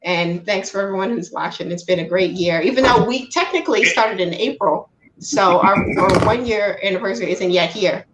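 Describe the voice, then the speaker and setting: A woman co-hosting a casual group chat about movies, playful and quick to laugh. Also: medium pitch, very noisy. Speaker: podcast co-host.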